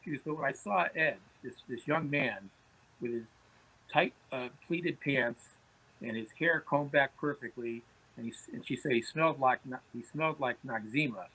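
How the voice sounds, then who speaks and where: A man's voice: mid-range voice, normal speed, sharp tone, breathy edge, low-quality recording. A man, a podcast guest telling anecdotes in conversation, often repeating words as he starts phrases. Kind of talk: storytelling in conversation.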